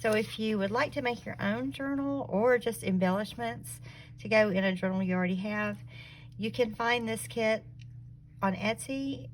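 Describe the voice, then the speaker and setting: A woman's voice: fairly high pitch, moderate pace, a little hiss or hum, poor audio. A woman with a Southern accent, hosting a craft channel in a casual, friendly, chatty way. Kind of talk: casual craft vlog chat.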